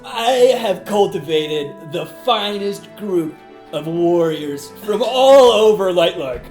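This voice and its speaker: A man's voice: high-pitched, expressive, takes it slowly, a little mellow, reverberant, faint music behind. A man voicing a loyal, easygoing young male warrior who reassures his friend, in a tabletop game. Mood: reassuring.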